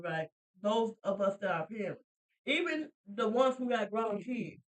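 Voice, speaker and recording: A woman's voice: fairly high pitch, low-quality recording. A woman in her thirties or forties co-hosting a casual faith podcast, chatty and repetitive, laughing easily. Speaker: podcast co-host.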